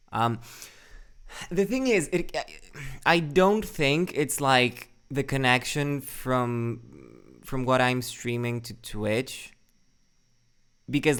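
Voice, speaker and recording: A young man talks casually to his chat on a live stream at home, rambling and cursing freely. His voice is smooth and resonant at a middle pitch, and he laughs at his own mistakes. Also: fairly bright tone. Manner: rambling, swears a lot, answers chat; self-deprecating, laughs often.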